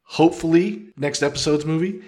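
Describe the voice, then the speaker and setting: A man's voice: fairly high pitch, fairly quick, a little mellow. A man co-hosting a film podcast who speaks in an upbeat way and wraps up the show. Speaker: podcast co-host. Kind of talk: casual film podcast chat.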